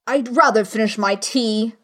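A woman's voice: fairly high pitch, a little slow, fairly bright tone. A woman doing a nervous, fretful hatter. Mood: anxious. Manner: anxious, fretful. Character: nervous, flustered male hatter. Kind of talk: audiobook character voice.

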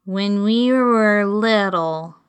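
A woman voicing the Mock Turtle, a sorrowful male creature who speaks slowly in a deep, hollow, sighing voice. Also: smooth. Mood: mournful. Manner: slow, mournful, sighing.

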